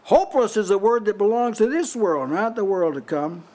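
A man's voice: high voice, animated, moderate pace, a little mellow. An older man teaching from the Bible in a small house church, conversational, chuckling often and lifting his voice when quoting. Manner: conversational, breaks into lifted voice for quoted lines, frequent short laughs. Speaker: preacher.

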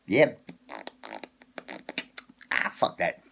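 A man's voice: extremely slow, fairly bright tone, slight background noise. A man doing a rambling, profane comic rant as a vlogger, repeating a drawling catchphrase. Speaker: comedy vlogger. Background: epic background music.

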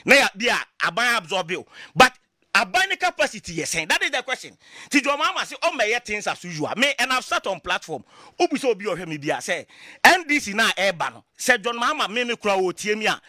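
A man with a Ghanaian accent, speaking as a political commentator in a lively talk show discussion, passionate and full of rhetorical questions. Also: very high voice, fast talker, no echo, clean studio sound. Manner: passionate, mixing Twi and English, rhetorical questions.

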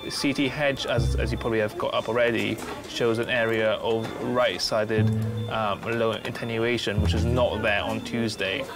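A male doctor explaining scan results to a family in a measured, clinical way. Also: fairly low pitch, fairly even intonation, over loud music.

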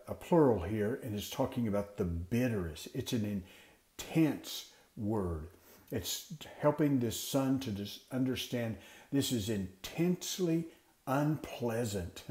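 Man teaching in a roomy echo, mellow tone. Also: on the low side. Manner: explanatory, asks questions and answers them himself. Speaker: Bible teacher training class leaders. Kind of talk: teaching talk for Sunday school teachers.

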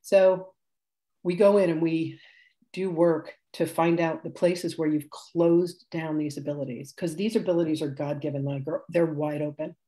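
Low, mellow-voiced woman telling stories. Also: fairly even intonation, moderate pace. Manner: chatty, rambling, laughs often, corrects herself. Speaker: spiritual teacher and healer. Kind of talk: live class demonstration, casual storytelling.

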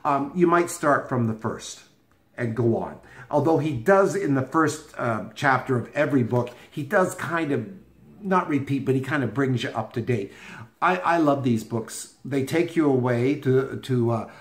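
Playful, chatty man in an echoey room. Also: mid-range voice. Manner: chatty, playful, teasing and rambling, addresses viewers and an absent author directly. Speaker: book vlogger. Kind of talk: casual video blog book review.

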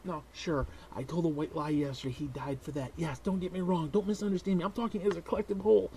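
A man vlogging a profane, sarcastic comedic rant that swings between shouting and hushed whispers. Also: on the high side, fairly even intonation, quick pace, a little hiss or hum.

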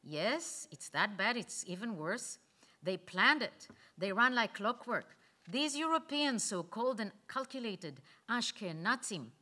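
A woman reading aloud the lines of a loud, bitter woman who stresses every word slowly and forcefully. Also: fairly high pitch, expressive. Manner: forceful, emphatic, slow stresses.

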